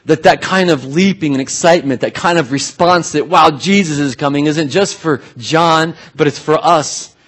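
Brief: male pastor, husky voice, conversational sermon with sudden loud bursts. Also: a little high, normal speed, few pauses. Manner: casual, animated preaching with restarts and bursts of shouting.

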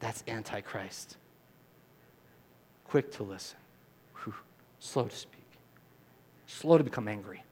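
A man preaching a sermon as pastor, earnest, moving from quiet reflection to loud emphatic repetition and leading the congregation to repeat lines after him. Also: on the low side, expressive, a little slow, long pauses, slight background noise. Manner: leads the congregation in call-and-response.

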